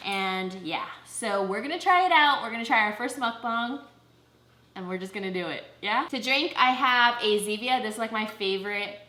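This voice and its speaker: A woman's voice: fairly high pitch, moderate pace, pushed and bright. A young woman hosting a casual food vlog at home, chatty and upbeat with lots of fillers. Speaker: YouTube vlogger host. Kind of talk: casual mukbang vlog chat. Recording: echoey room.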